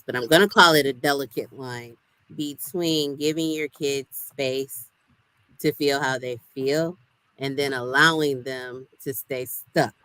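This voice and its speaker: Measured woman, dry close sound. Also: a bass voice, fairly bright tone, clear, resonant tone, no echo. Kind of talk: casual chat.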